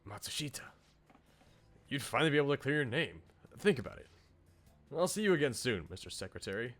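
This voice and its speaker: A man's voice: medium pitch, sing-song, a little fast, fairly bright tone. A man voicing a scheming male party politician who talks in a blunt, commanding way.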